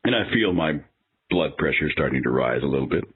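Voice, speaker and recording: A male podcast host telling casual stories in an animated, exasperated way. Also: very deep voice, a little fast, slightly rough, narrow, tinny audio. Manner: animated, exasperated anecdotal storytelling. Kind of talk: casual storytelling monologue.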